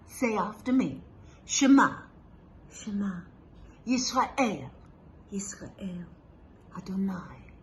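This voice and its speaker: Woman doing a know-it-all scholar man, lecturing, pitch pushed way up. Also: a bit bright, a little hiss or hum, full character voice. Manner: lecturing, brisk, sure of himself. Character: learned male scholar, self-assured and lecturing.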